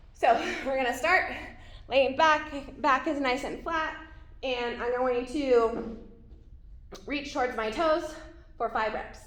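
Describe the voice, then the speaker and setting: A woman gives encouraging ab workout instruction, describing each exercise as she does it and occasionally running short of breath. She is a fitness instructor with a high-pitched voice, heard in a reverberant room.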